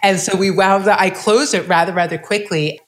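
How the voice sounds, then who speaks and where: A woman's voice: medium pitch, steady tone, a little fast. A woman coach, a guest, telling her story in a casual, chatty way, often saying "like" and "right?". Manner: chatty, many fillers like "like" and "right?".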